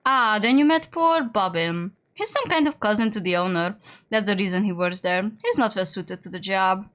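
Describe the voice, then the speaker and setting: A woman's voice: mid-range voice, moderate pace, a bit bright, pitched below the performer's own voice, lightly acted. Woman doing a suave teasing merchant man. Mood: wry.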